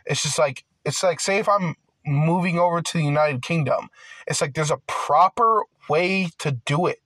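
High-voiced young man ranting. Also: moderate pace, dry recording. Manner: rambling, packed with "like" fillers and swearing; grows loud and heated at times. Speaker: vlogger. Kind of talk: casual ranting monologue.

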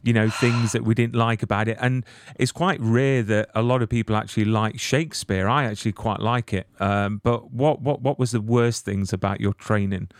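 A man's voice: lowish voice, fairly even intonation, normal speed, dry recording. A man hosting an interview, asking long, eager questions and often repeating words as he starts. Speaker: podcast host. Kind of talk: casual interview chat.

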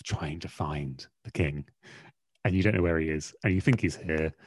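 A man's voice: extremely low pitch, normal speed, no echo, clean studio sound. A man, a magazine editor, talking casually on a podcast in a rambling, self-deprecating way with lots of fillers.

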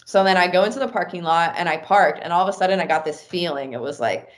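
A woman's voice: fairly low pitch, quick pace. A woman telling a personal story in a casual podcast chat, with many "like" fillers. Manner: animated, talks with many "like" fillers.

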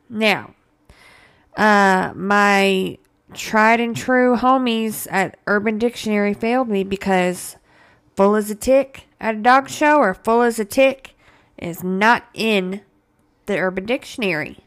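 A woman's voice: medium pitch, unhurried, fairly bright tone. A woman hosting a podcast alone, talking casually in a playful, slangy way with joking asides. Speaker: podcast host. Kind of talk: casual solo podcast monologue.

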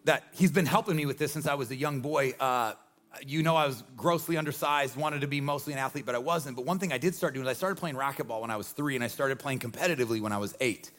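Fast-talking energetic preacher in his forties. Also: mid-range voice, soft background music. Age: 40s. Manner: energetic, emphatic preaching with repeated refrains. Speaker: pastor. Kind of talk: sermon.

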